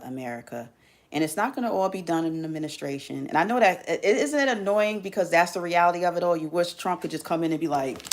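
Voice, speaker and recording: A woman chatting casually to her viewers on a livestream, animated and slangy. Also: low voice. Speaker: live streamer.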